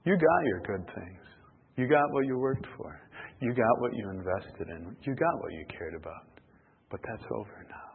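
A man preaching, voicing Abraham as a stern old patriarch giving a solemn, measured rebuke, heard as a tinny recording in a reverberant hall. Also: on the low side, lively intonation, creaky, slightly rough, exaggerated voice.

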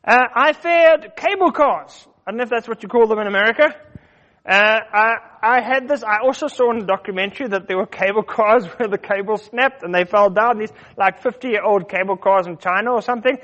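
High-voiced man telling stories. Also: a little fast. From South Africa. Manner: animated, repeats words, acts out his quotes. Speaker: storyteller. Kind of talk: casual personal storytelling. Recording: dull muffled lo-fi recording.

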